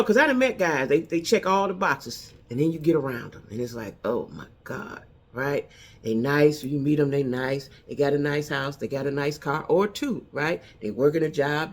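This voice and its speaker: Middle-aged woman talking straight to camera about dating, emphatic, says stuff twice to drive it home. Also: deep voice. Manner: emphatic, repeats key lines for effect. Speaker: dating advice vlogger. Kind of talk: casual advice monologue.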